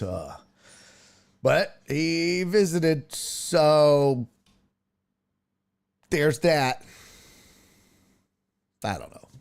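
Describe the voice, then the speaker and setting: Man, sports show host, casual stream chat, rambling, profane, medium pitch. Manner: rambling, profane, laughs while telling stories.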